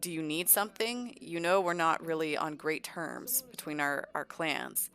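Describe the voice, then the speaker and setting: A woman's voice: low voice, moderate pace, a bit bright. A woman voicing a protective young vampire father who firmly scolds an unwanted guest. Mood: angry. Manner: firm, exasperated scolding. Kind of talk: voicing game characters.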